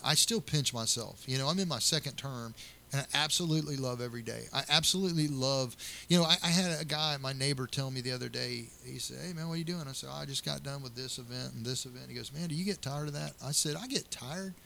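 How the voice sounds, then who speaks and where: A man's voice: medium pitch, quick pace, gravelly, bright, forceful tone. A middle-aged man, a county sheriff, answering interview questions earnestly and telling stories with many restarts.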